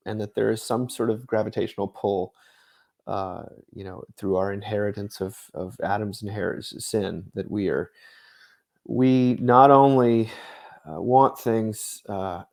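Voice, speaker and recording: A man's voice: on the low side, steady tone, measured pace, darkish tone. A man appearing as an author guest in an interview, explaining ideas thoughtfully at length and laughing lightly in the middle of his thoughts. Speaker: author and ministry director, guest. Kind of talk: conversational interview.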